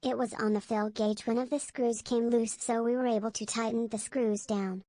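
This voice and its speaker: A woman's voice: fairly high pitch, steady tone, normal speed, noisy background. Matter-of-fact woman reading messages.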